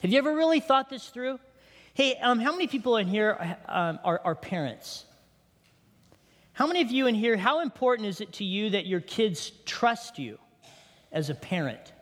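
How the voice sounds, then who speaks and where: A man's voice: high-pitched, expressive, moderate pace, a bit bright. A middle-aged male pastor preaching a sermon in a conversational way, often putting questions to the congregation. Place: church sanctuary. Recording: long hall reverb.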